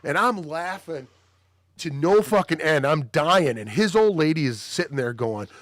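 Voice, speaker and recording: A man's voice: on the high side, lively intonation, moderate pace, dry recording, studio quality. A man hosting a podcast, telling wild stories with lots of swearing and laughter. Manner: profane, laughing storyteller. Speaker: podcast host. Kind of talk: casual storytelling chat.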